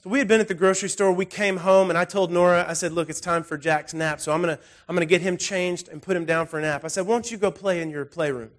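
A man preaching a sermon in a relaxed, conversational way, telling personal stories with frequent restarts. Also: sits high, quick pace, hardly any pauses. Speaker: pastor.

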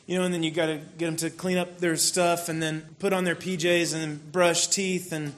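A man with a high voice gives a sermon in an easygoing, chatty way. He tells a family story and now and then bursts into playful frustration. His voice stays high even when he drops low. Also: fairly quick. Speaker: pastor.

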